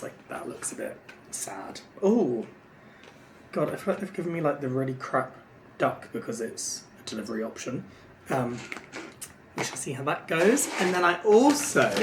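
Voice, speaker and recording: A man's voice: a little high, background noise. A man, chatting casually and rambling to his vlog camera from a hotel room. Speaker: vlogger. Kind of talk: casual day-in-the-life chat. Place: hotel room high up in a city. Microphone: handheld vlog camera.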